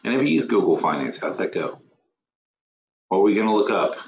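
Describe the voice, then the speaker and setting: A lower-pitched man hosts an online trading webinar and rambles through it, muttering at his screen and correcting himself mid-sentence. The sound is roomy and a bit dull, like lo-fi webinar audio. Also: big pitch swings, brisk, creaky, a little mellow. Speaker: webinar host. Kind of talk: live trading webinar, thinking aloud.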